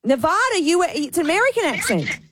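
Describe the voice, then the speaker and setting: An Irish woman hosting a breakfast radio segment, brisk and self-deprecating as she takes callers. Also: extremely high pitch, very animated, crowd noise. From Ireland. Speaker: radio host. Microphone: studio microphone.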